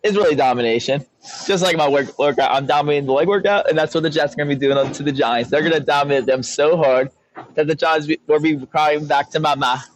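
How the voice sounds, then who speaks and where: A man giving a brash, boastful shout-out to fellow fans, hyping his team. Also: fairly high pitch, fast talker, poor audio. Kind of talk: hyped fan shout-out.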